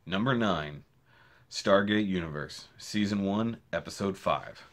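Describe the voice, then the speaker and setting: Excitable rambling man with a lowish voice. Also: unhurried. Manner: rambling and excitable, with restarts and rhetorical questions. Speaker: video reviewer. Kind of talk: casual spoken review.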